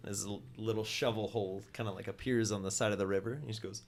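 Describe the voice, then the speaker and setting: A man narrating as game master of a tabletop game, playful and quick to laugh. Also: fairly low pitch, fairly even intonation. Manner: playful, laughs often, acts out characters.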